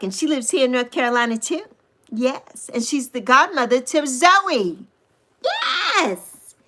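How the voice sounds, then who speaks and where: A woman in her sixties hosting a casual livestream, chatting with viewers and gushing over them with drawn-out coos. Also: a little high, fairly bright tone. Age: 60s. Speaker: livestream host. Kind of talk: casual livestream chat reading viewer comments.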